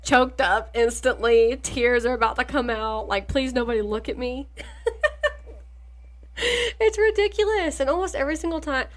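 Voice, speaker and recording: A woman co-hosting a book podcast, chatting in an animated way with lots of laughter and short replies. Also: high voice, normal speed. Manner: animated, laughing, warm back-channel replies. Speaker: podcast co-host. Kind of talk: casual chat.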